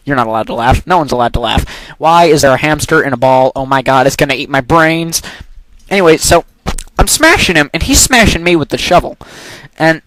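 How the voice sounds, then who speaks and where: A man rambles through an improvised, absurd comic monologue, his voice sitting a little higher than most men's. He speaks into a computer microphone in a dry, close sound with no room echo, stopping, restarting and coughing as he goes. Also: a bit bright. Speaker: amateur narrator.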